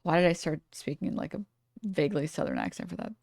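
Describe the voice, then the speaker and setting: A woman's voice: sits low, animated, quick pace, vocal fry, darkish tone, no room sound, clean studio sound. A woman streamer reacting to clips in casual commentary, profane and rambling, cutting herself off mid-thought. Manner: profane, rambling, self-interrupting.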